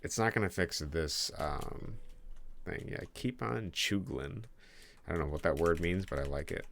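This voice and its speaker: A man with a very deep, gravelly voice thinks aloud in a casual, rambling way while streaming his game coding. He jokes with viewers between lines of code. A faint hiss sits under the recording. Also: normal speed, fairly bright tone.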